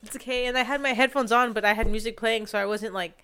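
A woman's voice: on the high side, steady tone, fast talker, sharp tone, smooth. A young woman co-hosting a podcast, rambling in casual chat with lots of fillers and restarts. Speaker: podcast co-host.

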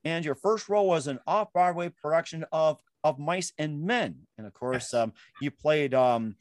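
A man's voice: a little high, moderate pace, no room sound, studio quality. A man hosting an interview, introducing his guest's credits with a few fillers. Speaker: interview host.

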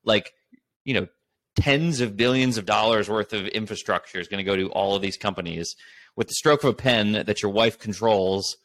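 Low-voiced man chatting on a podcast. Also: normal speed, fairly bright tone. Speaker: podcast co-host. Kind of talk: casual political chat.

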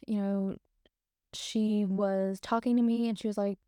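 A woman's voice: medium pitch, little pitch movement, measured pace, dark tone, clear, resonant tone, no room sound, studio quality. A young woman co-hosting a podcast, casually and emotionally retelling a frightening night. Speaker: podcast co-host. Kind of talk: casual storytelling.

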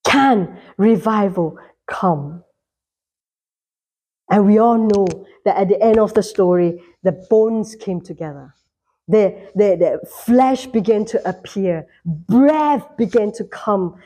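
A woman's voice: mid-range voice, unhurried, dark tone. A woman preaching a sermon in a church, fervent, repeating lines for emphasis.

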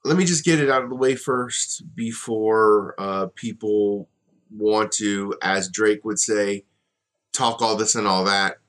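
Low-voiced man hosting a casual podcast. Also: takes it slowly, a bit bright. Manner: conversational, rambling with fillers and asides. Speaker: podcast host. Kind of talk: solo podcast commentary.

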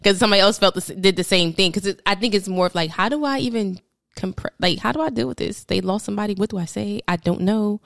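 A woman's voice: medium pitch, fast, vocal fry, fairly bright tone, dry recording, clean studio sound. Candid woman chatting on a podcast. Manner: candid, rambling, casual swearing. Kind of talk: casual podcast chat.

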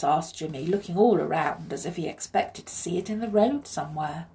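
A woman reading a children's story aloud in an expressive, measured way. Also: on the low side.

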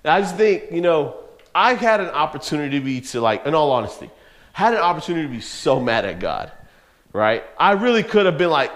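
Young man, youth pastor, lively storytelling sermon, slangy, fairly high voice. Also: brisk. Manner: animated storyteller, casual slang, frequent laughs.

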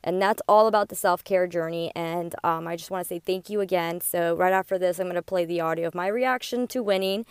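A woman host chats through her podcast episode in a smooth, clear voice at an ordinary middle pitch. She sounds upbeat and loose, with plenty of "like" and "you know." The sound is close and dry, with no room behind her. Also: a little fast, few pauses, no room sound. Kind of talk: casual podcast monologue.

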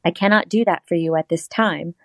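A woman doing a calm, gentle male spirit guide, reassuring and measured, in her own fairly low voice with no change of tone. The sound is dry and close. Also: no room sound, lightly acted.

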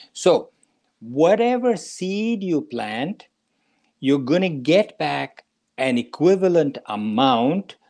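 A man in his seventies, a doctor hosting a talk show, telling an anecdote at an unhurried pace and asking himself rhetorical questions. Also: medium pitch, darkish tone. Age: 70s. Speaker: podcast host, doctor. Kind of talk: storytelling talk.

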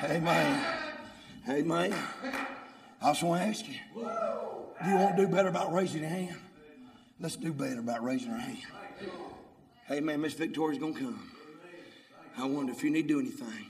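A man preaching a sermon, in call-and-response style, swinging from murmured lines to shouted ones. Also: a little high, sing-song, normal speed, gravelly, long pauses, crowd noise. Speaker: pastor. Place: church sanctuary. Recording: echoey hall with faint noise.

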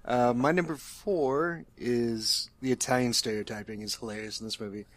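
A man's voice: mid-range voice, normal speed, slight background noise. A man co-hosting a casual movie review chat, laughing often and swearing as he tells scenes. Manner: laughing, profane, animated storytelling. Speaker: podcast co-host.

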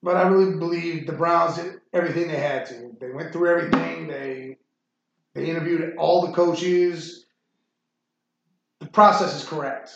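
Gravelly man in an echoey room. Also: a little high, moderate pace, slight background noise. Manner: rambling and profane, frequent fillers. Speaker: podcast host. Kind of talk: casual sports chat. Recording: echoey room, muffled sound.

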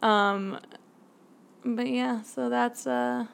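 A woman's voice: on the high side, fairly even intonation, extremely slow, vocal fry. A young woman co-hosting a casual podcast, chatty and self-mocking, laughing often and reading show summaries with lots of ums. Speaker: podcast co-host.

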